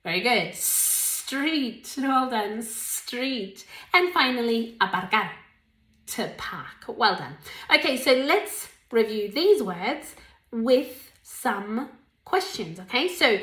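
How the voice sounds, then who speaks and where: A woman with an Australian accent teaching English, slowly and carefully modeling each word's pronunciation for learners. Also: fairly high pitch, animated, sharp tone. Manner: slow, deliberate pronunciation modeling. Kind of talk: language lesson drills. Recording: roomy echo.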